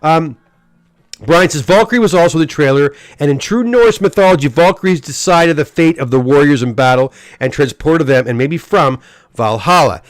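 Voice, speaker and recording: A man's voice: a little high, lively intonation, moderate pace, dry recording. Middle-aged male streamer, opinionated rant, stammers, dry close sound. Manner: opinionated, ranting, stammering restarts. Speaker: host of comic live stream. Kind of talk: casual live-stream chat reading comments.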